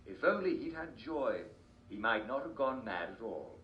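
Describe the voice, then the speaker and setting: An actor playing a cheery, smooth TV host in a video game broadcast, with an upbeat announcer delivery. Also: male voice, medium pitch, sing-song, moderate pace, lo-fi sound, slight background noise, lightly acted. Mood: chipper. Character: cheery smooth male TV host of a dystopian show.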